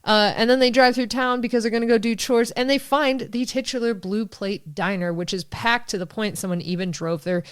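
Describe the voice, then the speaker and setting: A woman co-hosting a casual podcast, summarizing a book in a rapid, animated storytelling style with quick asides. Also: fairly high pitch, smooth, dry recording, clean studio sound. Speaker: podcast co-host.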